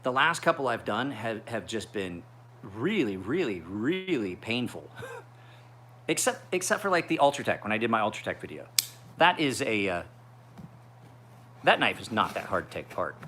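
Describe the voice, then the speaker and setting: Listen to a man in his forties chatting on a casual livestream, his pitch swinging up and down as he rambles through a story. His voice is bright and forceful, and he swears freely. A faint noise sits under him. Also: sing-song, moderate pace, pauses often. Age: 40s. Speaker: knife sharpener streaming live.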